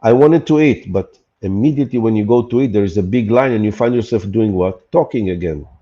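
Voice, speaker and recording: A man's voice: on the low side, fast, mellow, lo-fi sound. A man who is a podcast guest, speaking emphatically with rhetorical questions and acted-out quotes. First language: Hebrew. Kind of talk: animated conversational podcast talk.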